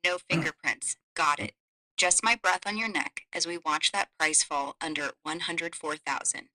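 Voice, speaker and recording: This AI role-play features a synthetic woman's voice as a flirty companion who murmurs teasing lines with a sultry, teasing air. The voice is low-pitched and sharp at normal speed, and the audio is poor.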